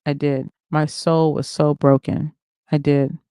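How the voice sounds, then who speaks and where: A livestream host reading a memoir aloud in the first person, pausing for asides to the listeners. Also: medium pitch, little pitch movement, dark tone, clear, resonant tone, dry recording, studio quality. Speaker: reader of a book on a livestream.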